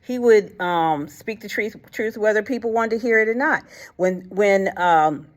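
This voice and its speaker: A woman's voice: mid-range voice, measured pace. A woman hosting a casual faith talk, speaking bluntly and colloquially, retelling stories with acted quotes and frequent fillers and restarts. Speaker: host.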